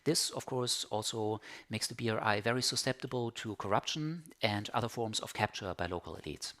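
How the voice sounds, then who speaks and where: A man's voice: lowish voice, fairly quick, a bit bright. A man giving an analytical academic panel talk, with fillers and repeated words. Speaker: conference panelist.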